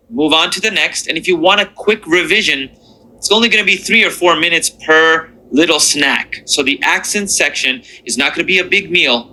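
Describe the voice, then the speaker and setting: A man teaching a beginner language lesson, patient and encouraging, slowing down to repeat sounds with the learner. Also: fairly high pitch, sharp tone, rough recording.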